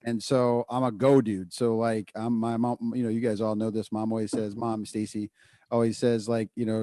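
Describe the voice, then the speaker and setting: A man's voice: medium pitch, fairly even intonation, moderate pace, mellow, no room sound. Man, podcast co-host, casual candid storytelling, mid-range voice, dry close sound. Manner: candid storytelling with many fillers. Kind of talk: casual chat.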